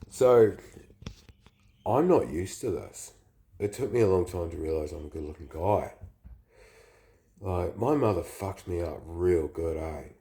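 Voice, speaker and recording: Aussie guy with the flu, dark mellow voice, talks slow, rambles and stops and starts like he's confessing something. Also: low-pitched. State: sick with the flu. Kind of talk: casual personal storytelling.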